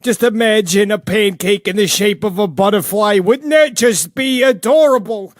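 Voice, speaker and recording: A man doing a high, rambling jailbird. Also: moderate pace, no echo, studio quality, natural voice. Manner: rambling, gossipy, sudden outbursts. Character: rambling jailed older male killer, pious, petty. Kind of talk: comedic character monologue.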